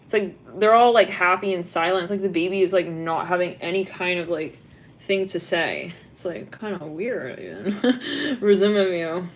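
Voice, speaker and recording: Giving a laid-back tarot reading, a young woman rambles and giggles, using "like" over and over. Her voice is on the low side at a normal speed, with a little hiss or hum.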